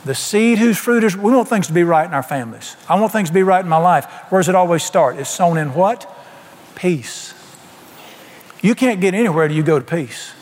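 A man's voice: high voice, expressive, a little fast, darkish tone, in a large hall. An older man preaching a folksy, emphatic sermon, asking the congregation questions. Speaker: pastor.

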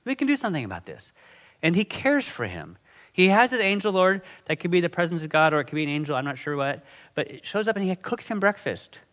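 A middle-aged man delivers a sermon with a somewhat high, bright and forceful voice. He keeps it conversational and animated, stopping to check in with the congregation. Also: fairly quick. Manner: conversational, animated, frequent "okay?" and "right?" check-ins. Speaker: pastor.

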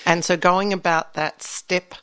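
A woman's voice: on the low side, steady tone, unhurried, a bit bright, smooth. A woman hosting a community radio interview in a studio, offering encouraging prompts. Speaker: radio show host.

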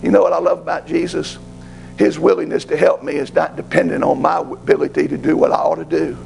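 A man's voice: fairly high pitch, steady tone, brisk, gravelly, a little mellow, faint music behind, poor audio. A man preaching a sermon as pastor, rising to fervent pleading.

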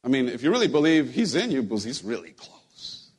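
A man preaching a sermon to his church in a relaxed, conversational way, joking with the congregation and often repeating his words. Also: medium pitch, brisk. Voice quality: husky. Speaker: pastor. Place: church sanctuary.

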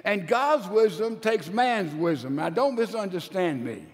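A man with a high-pitched voice preaches a sermon, retelling a story with emphatic, storytelling energy. He slows down to stretch out the words he wants to land. His voice rings with the long reverb of a large hall. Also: lively intonation.

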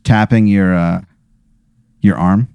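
A man's voice: deep voice, steady tone, takes it slowly, vocal fry, lo-fi sound, slight background noise. A young man in a casual podcast, improvising a rambling story full of fillers and hesitations. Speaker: podcast host.

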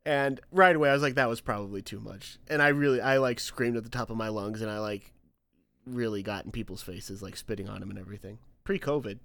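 A man's voice: on the low side, fast, a bit bright. A young man co-hosting a casual podcast, telling stories with lots of fillers and bursts of laughter. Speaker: podcast co-host. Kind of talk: casual chat, storytelling.

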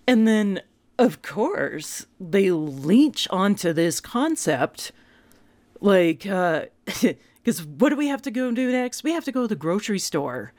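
A woman in her fifties telling comic stories about her family, animated and self-mocking, her voice jumping up for the punchlines. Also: medium pitch, slow, dry recording, studio quality. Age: 50s. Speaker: vlogger. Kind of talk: comic personal storytelling.

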